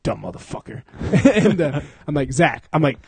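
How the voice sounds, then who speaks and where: A man's voice: on the high side, animated, a little slow, a little mellow, slightly rough, no room sound. A young man casually telling a rambling story to friends, laughing often and swearing.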